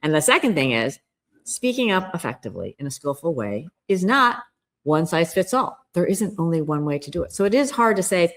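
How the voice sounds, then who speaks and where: Middle-aged woman, interview guest, slightly low voice; earnest, emphatic coach who voices imagined quotes. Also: big pitch swings, brisk. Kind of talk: podcast interview.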